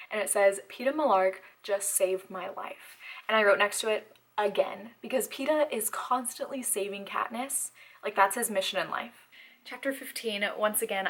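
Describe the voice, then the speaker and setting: A woman's voice: mid-range voice, a bit bright. A woman chatting casually about a novel, reading her annotations aloud in an earnest, gushing way. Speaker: book video creator.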